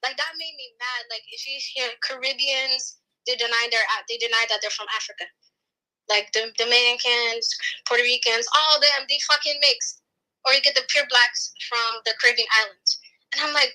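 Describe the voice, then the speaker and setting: A woman's voice: fairly high pitch, moderate pace, low-quality recording. An American woman calling in to a chat show, telling stories with lots of "I was like" and swearing. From United States. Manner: animated storytelling, heavy "I was like" and swearing. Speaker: caller. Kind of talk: casual call-in chat.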